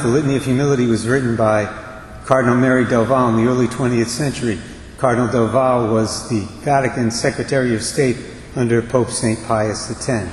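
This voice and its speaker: A man preaching a homily in a church, measured and earnest, leaning on slow emphatic phrases. His mid-pitched voice rings through a roomy space with a long reverb tail and a faint hum underneath. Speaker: priest.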